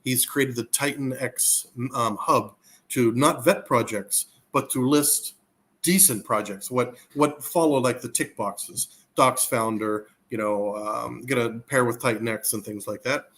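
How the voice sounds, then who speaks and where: A man's voice: mid-range voice, measured pace, fairly bright tone. A man as a guest in a casual crypto interview, talking eagerly in a rambling way with repeated words.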